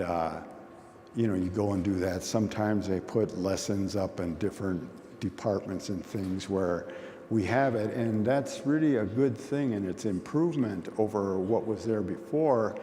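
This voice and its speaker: A man's voice: on the low side, warm tone. A man giving a conference talk in a plain, folksy storytelling manner. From Oneida community. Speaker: conference speaker. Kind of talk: conversational talk. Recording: long hall reverb, faint noise.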